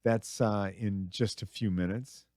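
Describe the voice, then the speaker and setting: A man's voice: fairly low pitch, steady tone, measured pace, a little mellow, no echo, studio quality. A middle-aged man hosting a radio show, rambling through crude, self-mocking comedy. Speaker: radio host. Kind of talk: casual comedic monologue.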